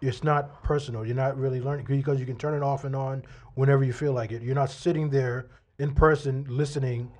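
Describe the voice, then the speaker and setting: A man's voice: mid-range voice, fairly even intonation, brisk, a little mellow. A man co-hosting a casual debate about ministry, talking emphatically and insistently.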